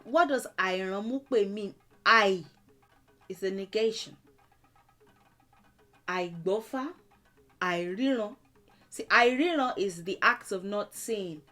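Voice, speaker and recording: Slow, patient woman teaching pronunciation. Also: mid-range voice, a bit bright. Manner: repeats words and letters slowly for learners to copy, with light laughs. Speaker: language teacher. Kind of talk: slow explanatory lesson with drilled pronunciation.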